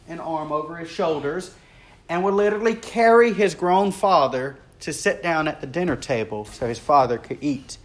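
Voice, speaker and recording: A man preaching a sermon, telling a story earnestly and swinging between rising intensity and hushed, quiet stretches. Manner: earnest, builds in intensity and then drops low and quiet.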